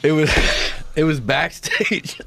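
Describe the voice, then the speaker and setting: A man in casual conversation, telling a story in a relaxed way. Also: on the high side, slow, gravelly. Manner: reacting with laughter, then recounting a story. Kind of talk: casual chat. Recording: loud background noise.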